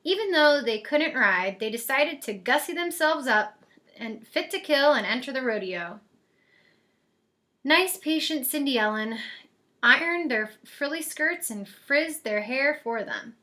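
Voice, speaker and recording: Storyteller: woman, high and bright, lively read-aloud. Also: a little slow. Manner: lively, expressive reading voice.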